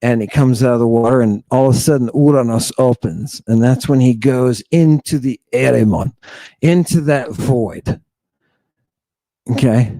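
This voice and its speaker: Here the host's dark, medium-pitched voice moves a little slowly as he mocks and directly addresses his audience. It's a theatrical, irreverent lecture on ancient texts, recorded without echo.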